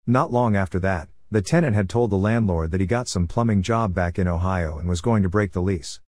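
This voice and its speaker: A man calmly narrating a first-person story from his past, in a matter-of-fact way. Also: sits low, brisk, dry recording, clean studio sound.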